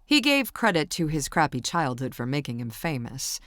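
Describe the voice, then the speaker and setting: A woman narrating a romance audiobook in the first person, in a steady, intimate storytelling manner. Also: deep voice, normal speed, no echo, clean studio sound.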